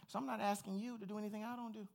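A man's voice: sits high, little pitch movement, rapid-fire, vocal fry. A middle-aged man preaching a sermon as pastor, earnest, personal and plain-spoken.

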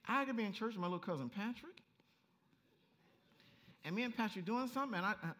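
A male pastor preaching a lively, story-driven sermon and acting out voices as he goes. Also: high voice, quick pace. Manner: animated storytelling, acts out voices, laughs.

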